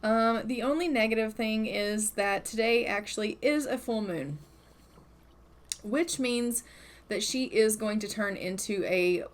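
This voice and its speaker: A woman giving casual, rambling commentary on a life-sim game she is playing, often hedging her thoughts. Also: fairly high pitch. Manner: chatty and rambling, hedges often.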